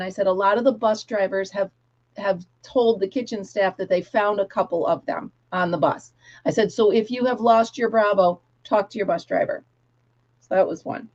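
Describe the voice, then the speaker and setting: A woman hosting a casual live chat, telling rambling, animated stories to her viewers. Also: medium pitch, muffled recording. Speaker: host.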